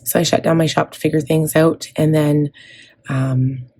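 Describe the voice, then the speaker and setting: A woman's voice: low-pitched, steady tone, normal speed, a little mellow, breathy edge. A woman from Canada in her thirties chatting casually as she plans and decorates her planner, rambling with frequent ums and restarts. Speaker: planner vlogger.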